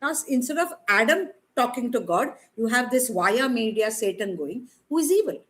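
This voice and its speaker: A woman's voice: a little high, expressive, moderate pace, fairly bright tone, poor audio. Emphatic woman preaching. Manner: conversational, emphatic, rhetorical questions. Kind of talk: informal sermon.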